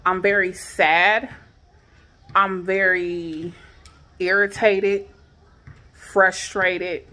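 A woman's voice: on the low side, drawn-out words. Upset woman in her thirties vlogging. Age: 30s. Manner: upset, animated storytelling, rising to near-shouting questions. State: shaken. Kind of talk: emotional personal vlog. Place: her home garage.

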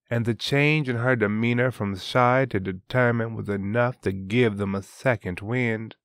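A man reading a fantasy story aloud as narrator, in a measured, even way. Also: medium pitch, no echo, studio quality. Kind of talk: audiobook narration.

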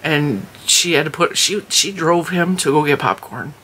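Bright-voiced chatty tired woman. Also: low voice, expressive, moderate pace, husky. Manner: chatty storyteller, laughs often. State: tired, yawning. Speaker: crochet vlogger. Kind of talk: casual chat to camera.

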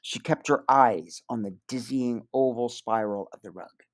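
A man's voice: medium pitch, unhurried. A man reading a novel aloud in storybook narration. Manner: expressive, varied delivery. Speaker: audiobook reader.

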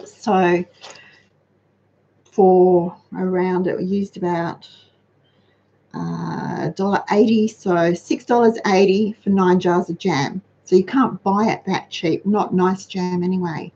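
Chatty woman, mellow voice. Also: lowish voice, slow, highs cut off. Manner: chatty, practical, reads out viewer comments. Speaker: host of a money-saving livestream. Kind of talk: casual live chat with viewers.

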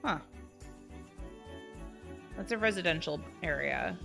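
A woman streaming a life-simulation game, chatting excitedly with her viewers as she plays. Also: medium pitch, a little slow, faint music behind. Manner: bubbly, excitable, chatty with chat. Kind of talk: live-streamed game commentary.

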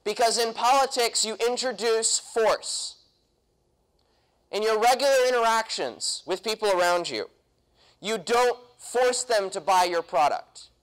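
A man's voice: high voice, measured pace, smooth, poor audio. A young man speaking at a political convention, punchy and quizzing the audience with questions. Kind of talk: political talk to a live audience. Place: convention hall.

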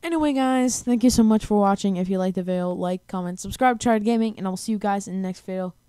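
Young woman, gaming host, excitable let's-play chatter, mellow, dry. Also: medium pitch, fast talker, clear, resonant tone, no echo. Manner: excitable, exclaiming, repeating words in bursts. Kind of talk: casual let's-play commentary.

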